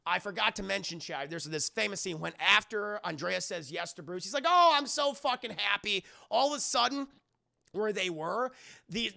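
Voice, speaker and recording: A man's voice: high voice, creaky, sharp tone. A young man streaming a profane, rambling recap of a movie, talking straight to his live chat.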